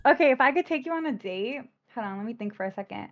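A woman's voice: on the high side, expressive, fast talker, fairly bright tone. Chatty rambling young woman on a call. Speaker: dating show contestant. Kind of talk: casual livestream chat. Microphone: video call microphone.

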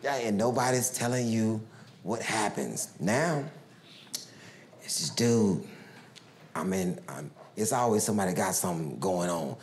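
A man's voice: measured pace, long pauses. A man doing stand-up storytelling, acting out street characters with big swings in his voice. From Houston, Texas. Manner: animated, acts out characters with big pitch swings. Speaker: stand-up comedian. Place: large live comedy venue. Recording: roomy live stage recording with loud crowd noise. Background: audience laughter.

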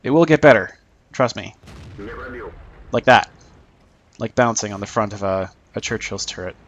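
A man's voice: lowish voice, expressive, normal speed, highs cut off. A man giving casual, joking commentary over his own tank gameplay, mocking himself and chuckling often.

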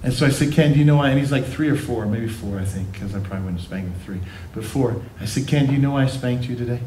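A man's voice: medium pitch, fast talker, a little mellow, slight background noise. A middle-aged man preaching a sermon to his congregation, telling family stories with playful asides and acting out voices. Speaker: pastor. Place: church sanctuary. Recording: roomy church sound from a distance.

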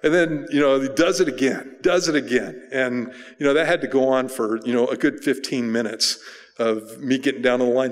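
A male pastor preaching, telling a personal story in a relaxed, conversational way with fillers and restarts. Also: mid-range voice. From United States. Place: church sanctuary. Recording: church sanctuary reverb.

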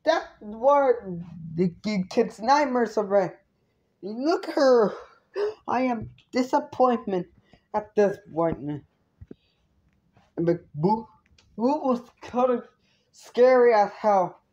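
A woman's voice: fairly high pitch, lively intonation, takes it slowly, long pauses, warm tone, dull audio. A woman giving an indignant review rant, swearing freely. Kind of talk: ranting review vlog.

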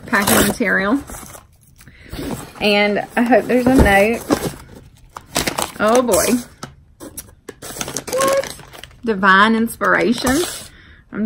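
A woman's voice: medium pitch, noisy background. A woman, chatting casually on her porch as a vlogger, friendly and rambling with asides. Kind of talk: casual chat. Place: outdoor porch.

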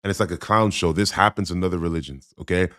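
A man's voice: deep voice, quick pace, a bit bright, dry recording, clean studio sound. A man giving blunt, critical reaction commentary on a sermon clip, speaking emphatically. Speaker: Christian commentator.

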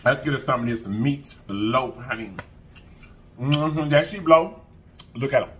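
Slight background noise accompanies a food vlogger whose medium-pitched voice runs a little slow as he hosts an eating show. He chats to viewers, calls them y'all and baby, and savors each bite with animated hums and mm-hmms.

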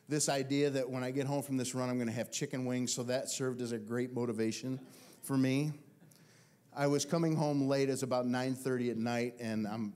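A man preaching a sermon as pastor, telling a comic personal story with lively swings and self-mocking humor. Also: medium pitch.

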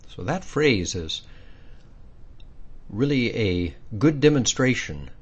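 His mid-range voice is husky and sing-song, and he speaks at a slow pace. He's a language teacher recording a pronunciation lesson, patiently breaking it into steps and asking little quiz questions along the way.

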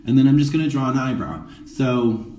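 A man's voice: medium pitch, animated, a little fast, darkish tone, reverberant, distant mic, a little hiss or hum, rough recording. A man doing a drag makeup tutorial in a casual live stream, campy and sarcastic with rambling asides, in a dressing room before a show. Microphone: phone camera, a bit away.

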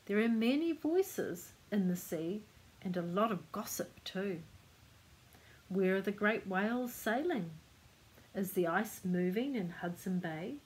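An older woman voicing a bold, sharp-tongued old pirate mother in a read-aloud storybook. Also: mid-range voice, poor audio.

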